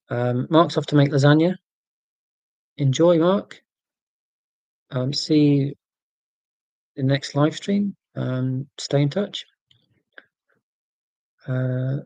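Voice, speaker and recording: A man's voice: on the high side, mellow, dry recording. A man hosting a casual livestream, rambling from home while reading out viewer comments in a chatty, self-deprecating way. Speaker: livestream host.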